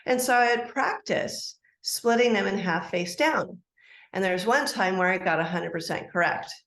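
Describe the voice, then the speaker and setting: A middle-aged woman, a life coach, telling a personal story as a podcast guest, animated and acting out quoted dialogue. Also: medium pitch, normal speed. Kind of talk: storytelling interview answer. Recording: roomy echo.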